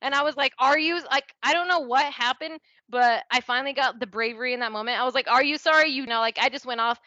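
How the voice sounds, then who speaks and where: This young adult woman is a podcast guest sharing a personal story in a frank, chatty way, leaning heavily on "like," swearing freely and voicing the people she quotes. She talks fast in a high, pushed, bright voice. The podcast audio is dry and a little dull.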